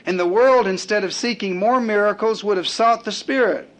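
A man's voice: high-pitched, normal speed, fairly bright tone. A man preaching a sermon, building his points through rhythmic repetition and acting out quoted prayers and complaints.

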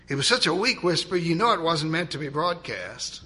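A man narrating a dramatic story, swinging from loud, urgent passages to hushed ones. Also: on the high side, lively intonation, fairly quick, few pauses, husky.

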